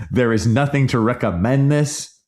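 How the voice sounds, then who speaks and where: A man's voice: medium pitch, a little slow, darkish tone. A middle-aged man hosting a casual solo podcast, reviewing a movie in a frank, exasperated rant. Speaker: podcast host.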